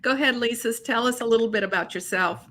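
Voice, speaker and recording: Bright-voiced Alabama woman co-host. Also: a little high, fast talker, slight background noise. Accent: Southern US, Mobile Alabama. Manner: friendly, easygoing, laughs often. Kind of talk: casual interview chat. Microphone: video call.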